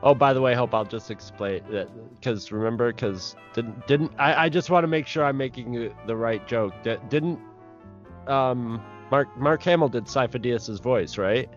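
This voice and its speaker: A man's voice: mid-range voice, normal speed, dull audio, faint music behind. A man podcast co-host chatting casually, laid-back and stammering through restarts. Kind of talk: casual chat.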